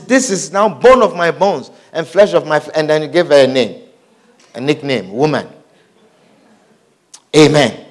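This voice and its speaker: A man delivers a sermon in a high voice that leaps up and down through his phrases. He preaches with fervor, breaking in with hallelujahs and putting questions to the congregation. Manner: animated preaching with calls of hallelujah and amen.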